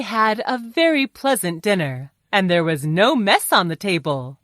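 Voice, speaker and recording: Slow, lively woman reading a children's story. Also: medium pitch, dry recording. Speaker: storybook narrator.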